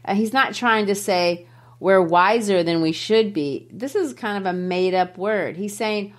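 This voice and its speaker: Woman teacher and podcast host, mid pitch, animated and emphatic when explaining a poem. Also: measured pace.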